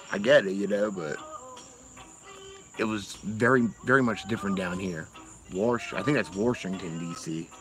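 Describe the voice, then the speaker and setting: Guy from massachusetts shooting the breeze on his stream, swears a lot, kinda low voice. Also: unhurried, pauses often, over music, low-quality recording. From Massachusetts, USA. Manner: rambling, profane, laughs often. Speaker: livestreamer. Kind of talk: casual chat.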